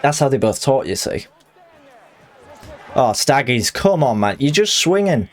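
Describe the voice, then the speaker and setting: A man talks his audience through a fighting game live on stream. He is excitable and jokey, with a lively, swooping pitch. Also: unhurried, soft background music. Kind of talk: live gaming commentary.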